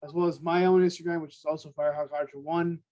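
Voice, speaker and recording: A man's voice: fairly high pitch, level tone, quick pace, dark tone. A man co-hosting a podcast in a casual sports chat, talking hesitantly with frequent restarts and short agreements. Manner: hesitant, many restarts and fillers, agrees briefly. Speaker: podcast co-host. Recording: dull, muffled lo-fi mic.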